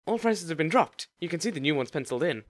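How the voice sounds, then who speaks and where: A man voicing a fussy, proper dead woman who has come back as a zombie, speaking in a high, hesitant voice. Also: lively intonation, quick pace, close to an everyday voice. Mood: wry.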